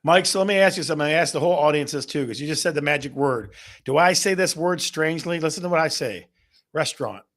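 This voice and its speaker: A man's voice: a little high, quick pace, fairly bright tone. A man hosting a casual live-stream chat, playful and teasing as he banters with viewers. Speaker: host.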